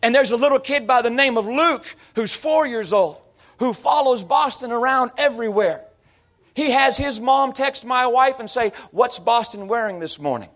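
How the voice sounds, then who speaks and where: High-voiced pastor telling lively stories. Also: male voice, normal speed. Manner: storytelling, slipping into imitated voices and accents. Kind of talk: sermon.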